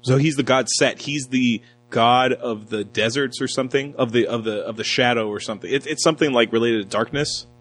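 A man's voice: medium pitch, brisk, hardly any pauses, fairly bright tone, low-quality recording. A man co-hosting a casual film review chat, joking and sarcastic, acting out lines from the movie. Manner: joking, sarcastic, acts out quotes with a voice. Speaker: podcast co-host reviewing a film.

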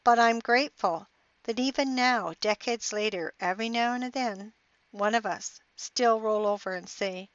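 A middle-aged woman hosts a motivational podcast, sounding upbeat, encouraging, and inspirational. Her voice sits on the high side and moves at a moderate pace. The recording is dry, dull lo-fi podcast audio with no room sound.

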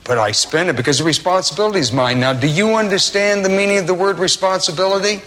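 A domineering, self-important leader. Bright tone, faint background noise. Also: male voice, high voice, quick pace. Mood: condescending. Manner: condescending, domineering. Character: arrogant powerful man lecturing an underling.

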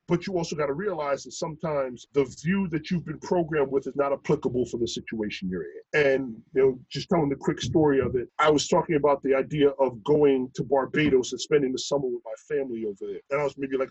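A man's voice: a little high, breathy edge, dry recording, lo-fi sound. A man, talking casually and swearing freely as he tells stories. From Brooklyn, New York. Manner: profane, animated storyteller. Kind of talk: casual chat.

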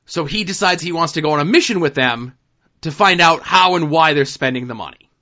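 A man's voice: a little high, lively intonation, a little fast, sharp tone, lo-fi sound. A man co-hosting a casual podcast, recapping TV episodes in a laid-back, dry way with plenty of fillers. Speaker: podcast co-host.

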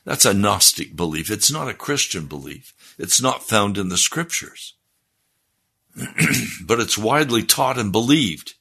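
A man preaching a sermon, explaining scripture in a deliberate, teaching manner. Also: on the low side, expressive, sharp tone, husky.

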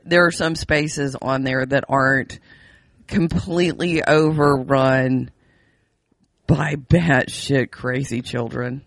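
A man's voice: mid-range voice, fairly even intonation, takes it slowly, gravelly, fairly bright tone, no echo. A man co-hosting a podcast in casual chat, laughing often and swearing freely. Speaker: podcast co-host.

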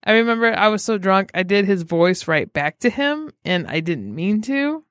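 A woman co-hosting a podcast in casual chat, telling animated stories and quoting people as she goes. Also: medium pitch, moderate pace, no echo, clean studio sound. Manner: animated storyteller, quotes people. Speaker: podcast co-host.

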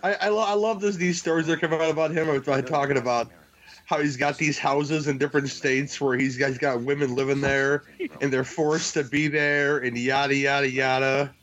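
A man's voice: mid-range voice, little pitch movement, moderate pace, fairly bright tone, muffled recording. A man chatting casually on a film commentary podcast, joking crudely and restarting his sentences. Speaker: podcast co-host.

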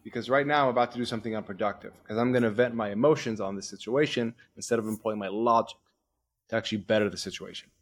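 Fast-talking male performance coach. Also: fairly low pitch. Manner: energetic, explanatory, quotes his own inner voice. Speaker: podcast host, performance coach. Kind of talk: coaching conversation.

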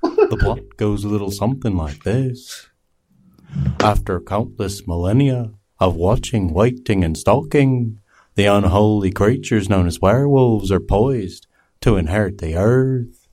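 A man's voice: on the low side, measured pace, mellow, a little hiss or hum, natural voice. A man doing a comic impression of a famous drummer, telling a story in a chatty, mock-earnest way with little asides. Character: impression of a famous British drummer reciting a plot summary. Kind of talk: comedy podcast impression.

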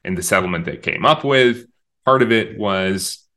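Man, fairly low voice, interview guest, talkative, emphatic, frequent restarts. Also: moderate pace, pushed and bright. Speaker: interview guest, communications director. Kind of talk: conversational interview.

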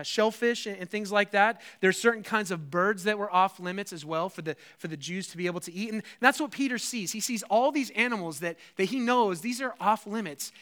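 A man's voice: sits high, fairly bright tone, clean tone. A man preaching a sermon, earnest and explanatory, often restarting phrases and quoting scripture. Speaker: pastor.

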